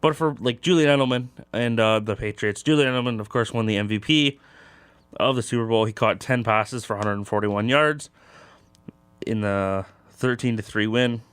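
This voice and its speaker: A man's voice: lowish voice, normal speed, a bit bright, clear, resonant tone, no echo. A young man hosting a casual sports talk show, rambling with lots of fillers. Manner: loose and rambling, many fillers.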